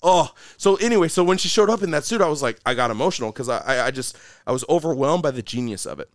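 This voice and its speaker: A man's voice: fairly high pitch, expressive, fast talker, dry recording, studio quality. A young man hosting a podcast, talking casually and animatedly, swearing and saying "like" and "dude" a lot. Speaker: podcast host. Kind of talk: casual chat.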